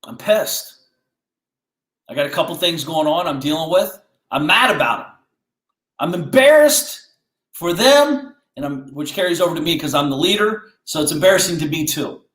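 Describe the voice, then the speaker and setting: A man's voice: a little high, fairly quick, fairly bright tone, reverberant. A man hosting a podcast, giving a blunt, fired-up motivational monologue full of rhetorical questions. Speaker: podcast host.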